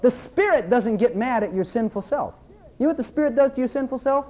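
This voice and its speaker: A man preaching a sermon to his church, animated and repetitive, breaking into mocking voices for his listeners. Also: very high-pitched, brisk. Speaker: pastor.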